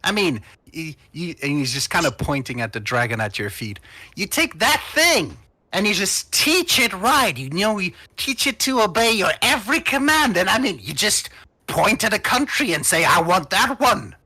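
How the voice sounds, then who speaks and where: A man playing a shrill, cranky old gnome. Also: very animated, normal speed, breathy edge, heavily acted. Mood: wheedling. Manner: shouting, high-pitched and wheedling. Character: aged male gnome crook, cranky and pushy.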